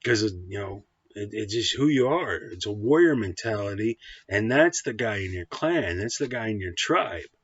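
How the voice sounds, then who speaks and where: A man's voice: lowish voice, expressive, moderate pace, breathy edge, no echo. A man giving a blunt, profane, combative film review in a casual ranting style. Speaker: movie reviewer. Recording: dull, dry lo-fi sound.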